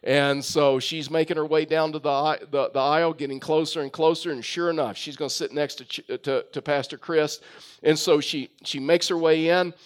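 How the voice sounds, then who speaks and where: A man's voice: a little high, steady tone, normal speed, clean tone. A man preaching a sermon, telling a story with frequent fillers and restarts. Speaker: pastor.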